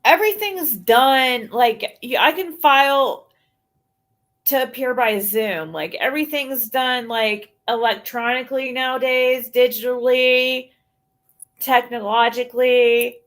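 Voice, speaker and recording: A woman's voice: high voice, slow pace, a bit bright. A woman livestreaming a casual rant to her chat, blunt and profane, sounding exasperated as she talks things through.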